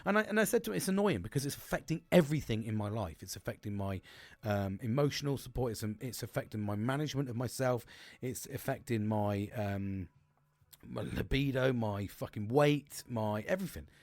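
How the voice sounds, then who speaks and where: A man's voice: medium pitch, expressive, a little fast, darkish tone, dry recording. A middle-aged man talking openly and emotionally about his struggles, rambling with many restarts and frequent swearing. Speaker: podcast host. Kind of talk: candid personal talk.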